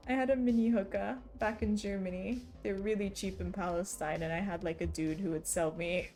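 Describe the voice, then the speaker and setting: A woman's voice: on the low side, creaky, darkish tone. A young woman livestreaming, chatting casually with her audience and teasing them playfully with frequent giggles.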